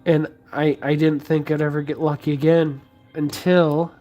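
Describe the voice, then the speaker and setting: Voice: medium pitch, little pitch movement, normal speed, mellow, soft background music. A vlogger chatting casually while sculpting, rambling and joking with lots of fillers. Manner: rambling and jokey, many fillers.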